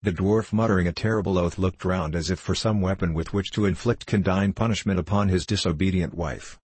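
A man narrating a classic novel in a measured, even storytelling manner. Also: low voice, slightly rough, no echo. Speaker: audiobook narrator.

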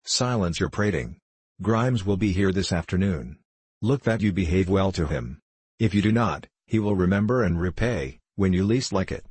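A man's voice: low voice, lively intonation, normal speed, a little mellow, slightly rough, no echo. A man reading a bullying old-time squire. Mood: scolding. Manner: domineering, scolding. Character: blustering bullying country squire, male, middle-aged. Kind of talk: audiobook character reading.

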